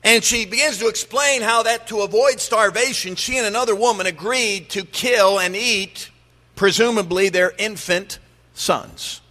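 Male pastor, middle-aged, emphatic sermon, high voice, long church reverb. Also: a little slow, bright, forceful tone. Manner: emphatic preaching, rising and dropping to make points. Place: church sanctuary. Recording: long reverb of a large hall.

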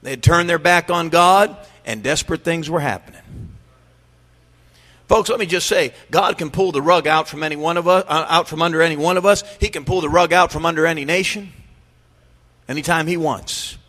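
A man's voice: a little high, a little fast, fairly bright tone. A middle-aged man preaching a sermon as pastor, emphatic, rising and dropping his voice to drive home his points. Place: church sanctuary. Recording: long reverb of a large hall.

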